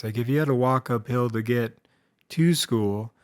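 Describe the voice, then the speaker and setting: A man's voice: medium pitch, fairly even intonation, normal speed, a little mellow. A young man vlogger telling a casual, meandering story, full of self-deprecating asides.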